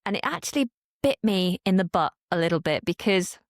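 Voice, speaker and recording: A woman from northern England talks in a polished Received Pronunciation accent she trained into habit. Her low-set voice is candid and animated, and it sounds close and dry in a podcast studio. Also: a little fast, no echo. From Manchester, northern England. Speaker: guest, language creator. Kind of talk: conversational podcast interview.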